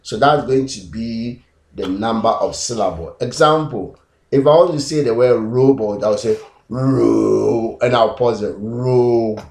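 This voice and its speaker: A man teaching pronunciation, repeating example words slowly and syllable by syllable. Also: mid-range voice, darkish tone. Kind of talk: classroom-style lesson. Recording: echoey room.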